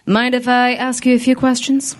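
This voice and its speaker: A woman narrating as a hardboiled, wisecracking female detective in a comedy radio play, deadpan and full of puns. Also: a little high, moderate pace, lightly acted.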